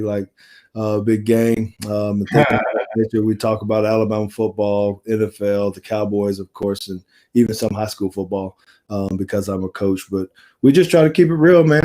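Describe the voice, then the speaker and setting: Middle-aged man, casual storyteller, mellow dark voice, acts out dialogue. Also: brisk. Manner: animated storyteller, acts out quoted dialogue with rising pitch. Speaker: guest, former pro football player and coach.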